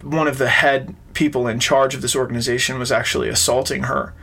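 Guy telling a heavy story in an interview, kinda gravelly, sharp edge to his voice, real earnest. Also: mid-range voice, flat delivery, fairly quick, a little hiss or hum. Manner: earnest, retells events with quoted dialogue. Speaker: interview guest. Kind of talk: emotional personal storytelling.

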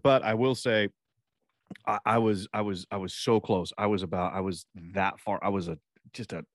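A man's voice: low voice, no room sound, studio quality. A man co-hosting a podcast, telling rambling, profane stories in casual chat and acting out the people in them. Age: adult parent. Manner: rambling, profane storytelling with acted-out quotes. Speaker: podcast co-host.

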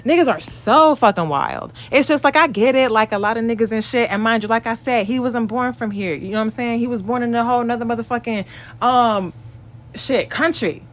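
A woman's voice: on the high side, fairly quick. A woman in her twenties venting bluntly and profanely in an exasperated rant about a partner. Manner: mocks others in acted quotes.

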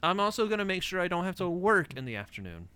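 A speaker joining a casual chat among friends with playful, quick banter. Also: medium pitch, very animated, bright, forceful tone, clear, resonant tone.

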